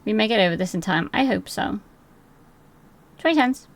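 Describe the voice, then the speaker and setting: A young woman live-streaming, chatting excitably and rambling while she plays, swearing freely. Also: medium pitch, moderate pace, gravelly, very noisy. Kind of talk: casual live-stream chat while gaming.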